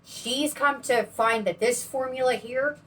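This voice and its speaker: A high-voiced woman speaks in an unhurried way. While co-hosting a painting channel, she shows off paint pouring and chats with bubbly, rambling energy, captured by a distant mic amid faint background noise.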